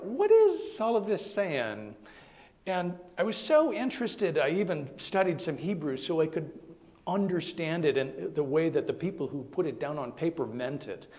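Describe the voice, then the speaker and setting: Animated man preaching a sermon. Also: a little high. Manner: animated, conversational storytelling with fillers. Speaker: minister.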